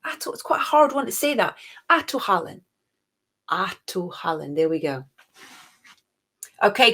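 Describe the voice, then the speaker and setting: A woman's voice: medium pitch, a bit bright. A middle-aged woman hosting an online quiz, chatty and cheerful, gushing with little oohs. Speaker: quiz host.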